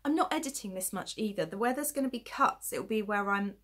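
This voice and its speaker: A woman hosts a knitting podcast from home late in the evening. She sounds tired and yawns often, but she keeps rambling cheerfully about her knitting and pokes fun at herself. Her voice sits at a middling pitch for a woman. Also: expressive, fairly quick, fairly bright tone. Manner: chatty and rambling, self-deprecating, giggly. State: tired, yawning late at night. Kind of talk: casual chat showing knitting to camera.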